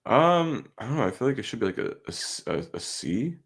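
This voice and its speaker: A man's voice: medium pitch, big pitch swings, a little fast, vocal fry, slightly rough. A young man co-hosting a podcast in loose casual chat, swearing freely, laughing easily, and full of "like" and restarts. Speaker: podcast co-host.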